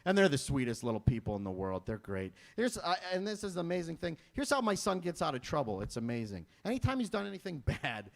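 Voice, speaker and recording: A man in his thirties doing a stand-up comedy set, self-deprecating and jumping into loud voices when quoting people. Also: fairly high pitch, very animated, quick pace, gravelly, hardly any pauses.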